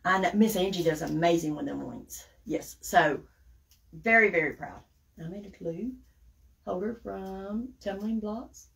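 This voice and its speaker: Her voice is deep, gravelly and a bit bright, with lively intonation at a moderate pace. She's a Southern woman hosting a live craft demo, reading viewer comments and chatting folksily with the guys and y'all watching as she works.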